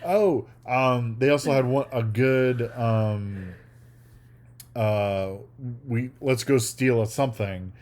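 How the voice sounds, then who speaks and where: A man's voice: medium pitch, slow, darkish tone. A man co-hosting a podcast in casual chat, rambling and acting out scenes he describes. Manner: rambling, acts out quoted scenes. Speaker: podcast co-host.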